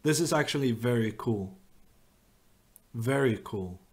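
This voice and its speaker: A man's voice: medium pitch, animated, measured pace, darkish tone, husky. A young man, streaming chess and thinking aloud with wry, self-mocking remarks. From Norway. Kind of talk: live chess commentary.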